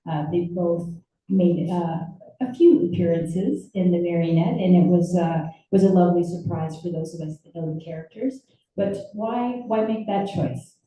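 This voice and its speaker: A woman hosting a book conversation, asking questions in a halting way with many fillers. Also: fairly low pitch, warm tone, far from the mic. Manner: hesitant, lots of uh and um fillers. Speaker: event host interviewer. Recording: very echoey room, voice from afar.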